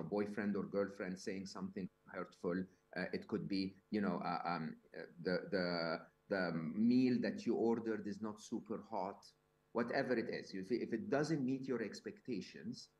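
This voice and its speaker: A man's voice: on the low side, a little mellow. Man giving a conversational talk. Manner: conversational, frequent fillers and rhetorical questions. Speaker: summit speaker. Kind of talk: live talk to an audience. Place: event hall.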